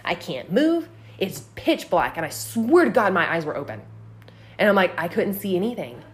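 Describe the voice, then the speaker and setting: A woman's voice: lowish voice, normal speed. Profane woman telling a story. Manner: profane, animated, heavy use of "like". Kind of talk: casual podcast storytelling.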